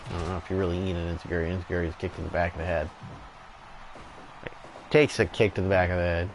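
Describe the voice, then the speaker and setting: Casual male game commentator, lowish voice, laid-back play-by-play with faint room hum. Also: fast talker. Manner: relaxed, chatty, laughs and goes off on tangents.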